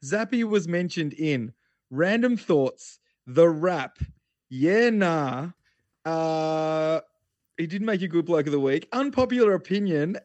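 A man's voice: on the high side, animated, slow pace, a little mellow, no room sound. An Australian man co-hosting a sports podcast, laid-back and wry, swearing casually. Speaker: podcast co-host.

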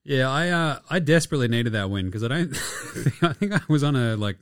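A man's voice: medium pitch, a little fast, clear, resonant tone, dry recording, clean studio sound. Jokey Australian man, casual sports chat. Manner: swears freely, animated and jokey. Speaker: podcast co-host.

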